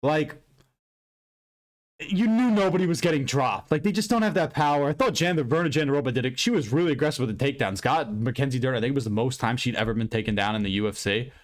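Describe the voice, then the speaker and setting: A man hosting an MMA recap channel, ranting loudly and profanely in an unscripted, rambling way. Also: medium pitch, fast talker. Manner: loud, profane, heated and emphatic; rambling with frequent restarts and fillers. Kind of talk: unscripted fight recap rant.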